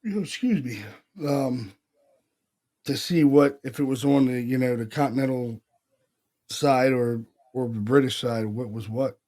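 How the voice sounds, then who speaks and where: At a measured pace, a Pennsylvania man with a mid-range, slightly mellow voice co-hosts a paranormal podcast in casual conversation. As a paranormal investigator, he tells stories loosely, imitates the voices he heard, and curses casually.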